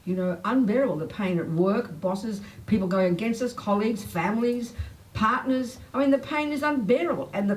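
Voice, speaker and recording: An older woman teaching a public Buddhist talk, blunt and emphatic, pitch swinging up when she makes a point. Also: a little mellow, far from the mic, rough recording. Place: talk venue. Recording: faint noise, voice a bit off-mic.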